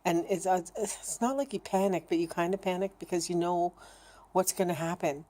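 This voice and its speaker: A woman with a low, mellow voice talks straight to the camera in a candid video diary. She is blunt and swears freely. Her thoughts ramble, with frequent stops and restarts. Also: moderate pace. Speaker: vlogger.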